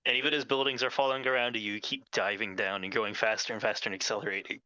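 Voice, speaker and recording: A man's voice: on the low side, little pitch movement, fast, pushed and bright, no room sound, lo-fi sound. A man running a tabletop game as game master, describing scenes and calling for dice rolls.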